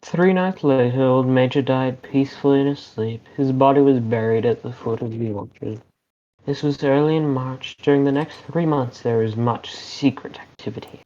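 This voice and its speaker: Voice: medium pitch, normal speed, mellow. Player reading aloud over lo-fi chat. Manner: playful, mock-grand narration. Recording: lo-fi voice chat audio.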